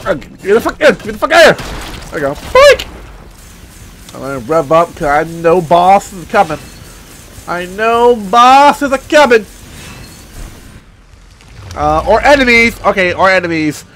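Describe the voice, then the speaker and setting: A young man commentating his gameplay, excitable and profane, blurting sound effects as he plays. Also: high voice, a little fast, a little hiss or hum. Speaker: gaming commentator. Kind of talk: let's play commentary.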